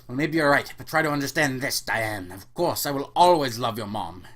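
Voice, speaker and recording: A man's voice: medium pitch, lively intonation, moderate pace, fairly bright tone, natural voice. A man voicing a widowed father, jokey and reassuring, in a comic storybook reading. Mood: upbeat. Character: widowed dad, upbeat and joking.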